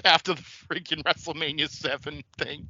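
A man co-hosting a casual podcast chat, animated and joking. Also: on the high side, husky, no room sound. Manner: animated, joking, quick to laugh. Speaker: podcast co-host. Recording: slightly dull lo-fi recording.

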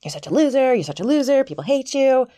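A woman's voice: sits high, very animated, fast talker, dark tone, pitched above the performer's own voice. A woman voicing a mean little cartoon girl who taunts in a sing-song way. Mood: taunting.

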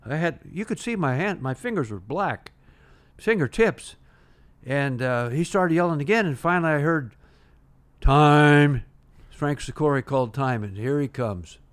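An older man, a retired pitcher, telling long anecdotes in a casual interview, with many restarts and "uh" fillers. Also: animated, moderate pace.

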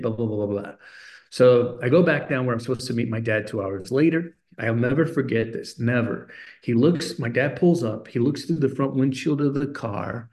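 Middle-aged man telling a lively story. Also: mid-range voice, moderate pace. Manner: animated storyteller who acts out voices of people in his story. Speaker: podcast guest. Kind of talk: storytelling in a conversational interview.

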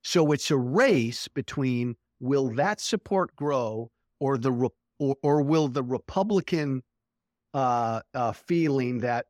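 A man's voice: medium pitch, animated, takes it slowly, a little mellow, dry recording, studio quality. A man speaking as a guest in a casual political chat, blunt and profane, laughing often.

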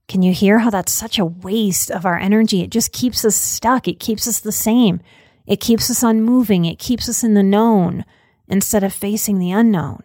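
A woman hosting a self-help podcast, calmly and encouragingly talking through quotes and repeating phrases in lists. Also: medium pitch, normal speed, dry recording, studio quality. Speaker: podcast host and mental health speaker.

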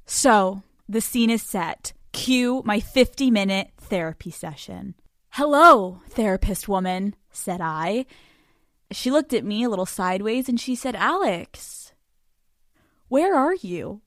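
A woman's voice: medium pitch, unhurried, no echo, studio quality. Brash, profane young woman podcast host. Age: 20s. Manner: brash, profane, laughing storyteller acting out dialogue. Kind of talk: comedic monologue.

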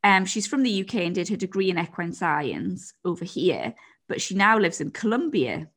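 A woman co-hosting a casual chat podcast, telling stories in a chatty, animated way. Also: on the low side, moderate pace. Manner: chatty, animated storytelling with giggles. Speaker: podcast co-host.

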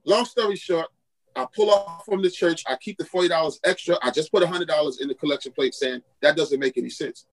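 Husky-voiced pastor telling a story. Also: male voice, fairly high pitch, fairly quick, poor audio. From Queens, New York. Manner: animated storyteller acting out quoted dialogue. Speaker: pastor and podcast guest. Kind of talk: storytelling testimony in a podcast interview.

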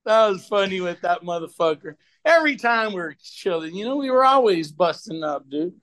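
A man's voice: sits high, expressive, normal speed, fairly bright tone, no room sound. A man in casual chat, telling loose stories with plenty of swearing and slang.

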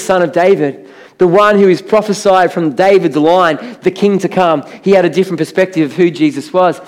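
A man preaching a sermon from a church stage, telling Bible stories with lively acted-out voices. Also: sits high. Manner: animated storytelling, acting out Bible characters' voices. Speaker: pastor.

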